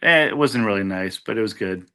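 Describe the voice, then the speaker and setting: A man's voice: lowish voice, animated, a little fast, sharp tone. A laid-back man co-hosting a casual podcast, answering hesitantly and getting easily sidetracked. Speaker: podcast co-host.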